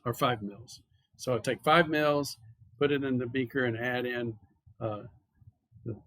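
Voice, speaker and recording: A male chemistry instructor lectures a university class, talking students through calculations step by step in a conversational, explanatory way. His medium-pitched voice is a bit bright, with no echo.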